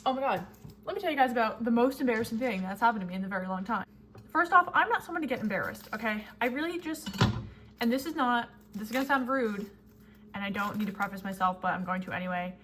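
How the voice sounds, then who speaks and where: A woman's voice: mid-range voice, fairly bright tone, slight background noise. A young woman vlogger chatting casually and rambling in a self-mocking way while she cooks at home. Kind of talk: casual chat. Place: home kitchen while cooking.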